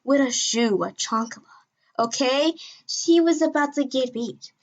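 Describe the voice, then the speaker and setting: A woman telling a story from her school days in a casual, rambling way, with sudden excited jumps in pitch and loudness. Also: a little slow, dull audio.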